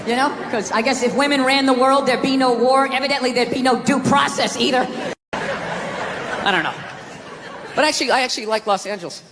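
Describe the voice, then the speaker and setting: A middle-aged man from the US East Coast doing stand-up comedy, ranting and swearing, sometimes shouting. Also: very high-pitched, fairly quick, pauses often. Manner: ranting, profane, shouting at times. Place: large live comedy venue. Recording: live venue with long reverb and loud crowd. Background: audience laughter and crowd noise.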